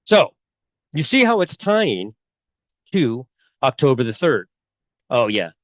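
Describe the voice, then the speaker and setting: A man's voice: medium pitch, sing-song, slow pace, dry recording. Rambling middle-aged man, muffled recording. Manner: rambling, conversational, many fillers and restarts. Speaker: channel host. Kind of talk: casual talk on bible timelines.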